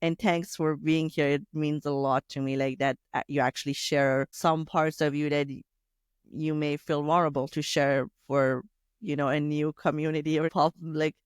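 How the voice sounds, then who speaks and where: A man hosting a podcast interview, talking quickly and acting out little asides in a casual chat. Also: a little high, clean tone, dry recording, studio quality. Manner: quick, lively talk with acted-out asides. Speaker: podcast host.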